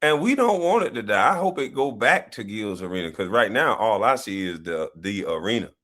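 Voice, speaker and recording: Animated, loose-talking man on a livestream. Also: on the low side, fairly quick. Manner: loose, animated, profane banter. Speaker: livestream host. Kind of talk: casual livestream chat.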